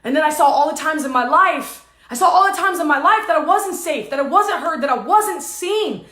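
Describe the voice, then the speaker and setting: A woman's voice: high-pitched, animated, fairly quick, pushed and bright. A woman speaking emotionally to her viewers as a spiritual teacher, repeating intense affirmations and swearing casually. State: tearful and dizzy at times. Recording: roomy echo.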